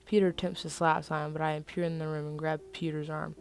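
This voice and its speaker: A woman's voice: low-pitched, level tone, fast, faint music behind. A woman reading her own first-person story aloud in a casual, plain way.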